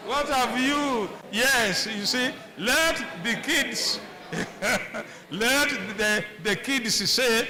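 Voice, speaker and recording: A man's voice: extremely high pitch, drawn-out words, a crowd in the background. A man preaching a humorous sermon on marriage in a church, with a Ugandan English accent, often repeating and stumbling over words.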